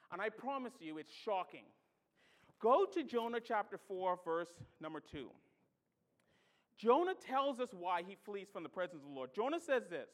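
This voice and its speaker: A preacher delivering a sermon with impassioned energy and emphatic rhetorical questions. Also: mid-range voice. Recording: long hall reverb.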